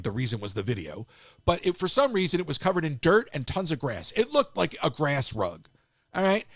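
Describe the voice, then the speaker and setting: A man's voice: a little high, no room sound. A man hosting a live stream, ranting casually in an exasperated way and restarting his sentences often.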